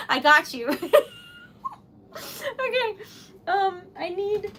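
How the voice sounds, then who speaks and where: A woman's voice: very high voice, sing-song, very slow, bright, forceful tone, a little hiss or hum. A young woman chatting on a livestream while crafting, flustered, teary and rambling with giggles. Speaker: livestream host.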